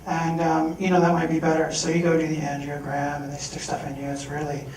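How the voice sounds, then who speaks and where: A man telling a personal story on stage, animated, acting out the voices he quotes. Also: a little high, a little fast, slight background noise. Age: adult. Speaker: speaker. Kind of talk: storytelling talk. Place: large hall. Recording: echoey hall from far off.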